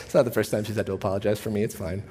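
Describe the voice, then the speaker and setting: A man's voice: lowish voice, level tone, racing, noisy background. Man, pastor, conversational sermon, joking storytelling, long church-hall reverb. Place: church auditorium.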